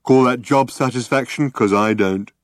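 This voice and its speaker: A man voicing a gloomy, depressed male robot in a low, hopeless drone. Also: moderate pace, no echo, clean studio sound, close to an everyday voice.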